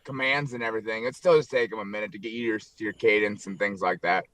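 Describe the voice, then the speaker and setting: A man's voice: lowish voice, steady tone, fast talker, fairly bright tone, no room sound. A man talking as a radio guest, upbeat and jokey as he tells stories in casual chat. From United States.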